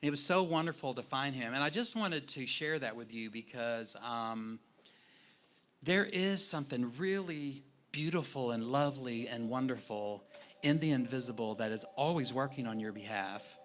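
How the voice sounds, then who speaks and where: A man's voice: medium pitch, normal speed. A man preaching a sermon in a church sanctuary, telling personal stories in a conversational way. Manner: warm conversational storyteller, animated in retellings. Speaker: minister.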